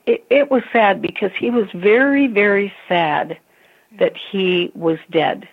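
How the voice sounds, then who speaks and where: Woman, psychic medium, gravelly, husky, expressive storytelling, phone-like sound. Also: mid-range voice, a little slow. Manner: expressive, calls the listener honey and girl. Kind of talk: animated storytelling in an interview.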